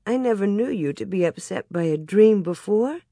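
A woman voicing a practical, patient pioneer mother who speaks gently and soothingly. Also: medium pitch, lively intonation, normal speed, dry recording, clean studio sound.

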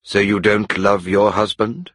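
A man playing an insistent gentleman suitor who pleads slowly and earnestly. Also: fairly low pitch, flat delivery, slightly rough, no room sound. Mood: pleading.

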